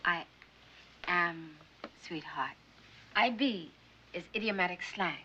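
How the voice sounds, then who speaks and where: An actress playing a firm, devoted schoolteacher who patiently encourages struggling children. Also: female voice, on the low side, expressive, slow pace, pushed and bright, a little hiss or hum, exaggerated voice. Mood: gently firm. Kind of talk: film drama acting. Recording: slightly dull film soundtrack.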